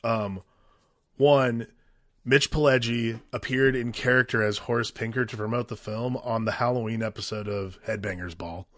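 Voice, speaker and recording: A man's voice: mid-range voice, fairly even intonation, moderate pace, a bit bright, dry recording, studio quality. A man co-hosting a casual movie podcast, talking in an easygoing, hesitant way. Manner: easygoing, hesitant, with many restarts and fillers. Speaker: podcast co-host.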